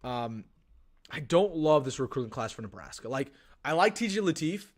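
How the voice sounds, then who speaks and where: A man's voice: medium pitch, big pitch swings, moderate pace. A young man hosting a casual sports live stream, thinking aloud with frequent restarts and ums. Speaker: sports livestream host.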